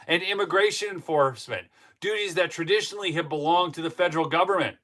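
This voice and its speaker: A man's voice: sits high, a bit bright. A man hosting a live-streamed political commentary show, heated and indignant, talking straight to his chat.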